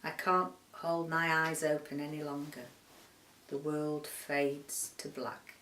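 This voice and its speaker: A woman book vlogger from the UK reading a short story aloud in a quiet, measured, subdued way. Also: low-pitched, level tone, recorded from a distance, a little hiss or hum. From United Kingdom. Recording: roomy echo, voice set back from the mic.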